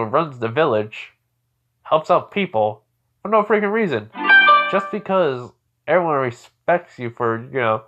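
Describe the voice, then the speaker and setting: A man's voice: medium pitch, a bit bright, lightly acted. A man voicing a brash, cocky young male ninja who lectures bluntly, in a fan story. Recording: dull lo-fi recording.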